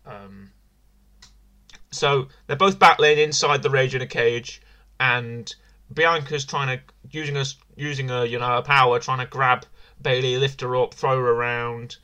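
A man's voice: medium pitch, fairly even intonation, a little slow, sharp tone. A man co-hosting a casual review podcast, rambling and repeating himself as he restarts his sentences. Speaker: podcast co-host. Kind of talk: casual wrestling review chat.

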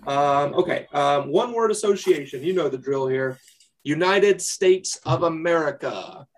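A man co-hosting a fan podcast, asking playful, upbeat quick-fire questions. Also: fairly high pitch. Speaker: podcast co-host. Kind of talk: casual interview chat.

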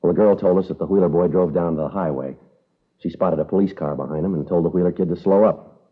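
A stern deep-voiced detective. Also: male voice, quick pace, slightly rough. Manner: clipped, matter-of-fact. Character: stern, steady male police detective. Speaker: police officer. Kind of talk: 1950s radio drama acting. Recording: tinny old radio broadcast.

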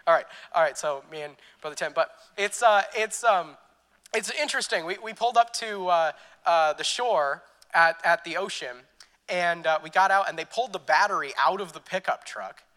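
A man with a high, bright voice preaching a church sermon. He talks in a loose, chatty way, stumbling over fillers and restarting his sentences as he works through a story. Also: normal speed, in a large hall. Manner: conversational, many fillers and restarts, laughs at his own story.

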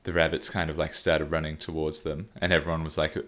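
A man's voice: extremely low pitch, flat delivery, fast, fairly bright tone. A young man co-hosting a podcast, chatting casually and rambling with lots of laughter and fillers. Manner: rambling, giggly, with many fillers. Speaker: podcast co-host. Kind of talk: casual chat.

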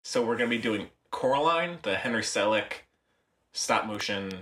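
A young man hosting a casual film podcast, talking with a relaxed, dry understatement. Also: lowish voice, normal speed, distant mic, slight background noise. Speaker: podcast host. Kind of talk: casual chat. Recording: roomy echo, voice set back from the mic.

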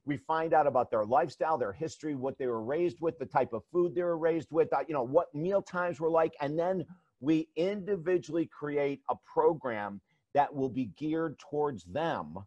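A man's voice: on the high side, normal speed, a little mellow, dry recording, lo-fi sound. A man working as a life coach, telling stories in an interview with energy and emphasis and repeating words as he starts sentences. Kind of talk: interview storytelling.

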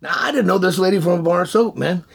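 A man telling his testimony in an animated, folksy way, often laughing and repeating words. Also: high-pitched, fast, gravelly, husky. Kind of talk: animated storytelling.

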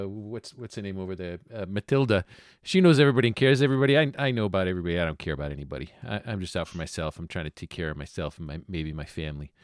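A man's voice: on the low side, dry recording, clean studio sound, voice pushed down, close to an everyday voice. A man voicing a selfish small-time crook with gangster-style talk. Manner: gangster "see?" tag. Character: selfish tough-guy male crook, 1930s gangster talk. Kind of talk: playing a tabletop game.

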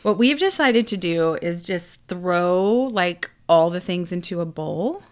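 A Texan woman co-hosting a casual chat, telling travel stories in a lively way and acting out what people said. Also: lowish voice, a little slow. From Texas. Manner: animated storyteller, acts out quotes. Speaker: podcast co-host.

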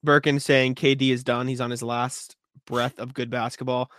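A man co-hosting a podcast in casual sports chat, rambling with restarts and clearing his throat, hiccuping. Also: mid-range voice, level tone, normal speed, fairly bright tone. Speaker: podcast co-host.

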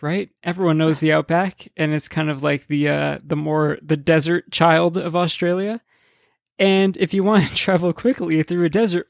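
Gravelly, higher-voiced playful man. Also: no echo, clean studio sound. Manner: playful, laughs while talking. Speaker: podcast co-host. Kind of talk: casual chat.

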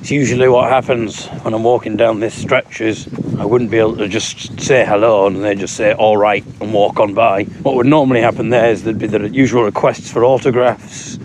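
A man's voice: fairly low pitch, steady tone, fairly quick. A man, a stand-up comedian recording a casual spoken blog while walking outside, rambling with dry, self-mocking humour. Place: outdoors on an urban street with traffic. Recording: street noise behind a mobile recording.

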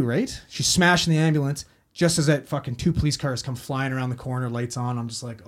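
A man's voice: mid-range voice, steady tone, a little fast, hardly any pauses. A man, a paramedic telling a story in casual talk, rambling and swearing a lot. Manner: heavy swearing, rambling with fillers.

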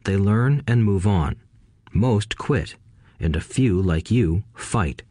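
Low-voiced man reading an audiobook. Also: animated, takes it slowly, dark tone, no room sound, clean studio sound. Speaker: audiobook narrator. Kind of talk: scripted audiobook narration.

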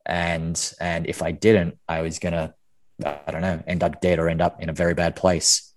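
Australian man, forties, low voice, candid podcast guest, casual swearing, repeats words as he starts thoughts. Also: completely flat delivery, normal speed. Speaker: guest, memoir author.

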